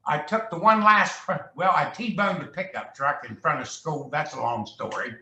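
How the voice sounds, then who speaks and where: Gravelly-voiced man spinning biker tales. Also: on the high side, very animated, normal speed, sharp tone. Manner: rambling, jokey, quotes people in voices. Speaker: guest, charity ride founder. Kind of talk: casual storytelling chat. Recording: echoey room.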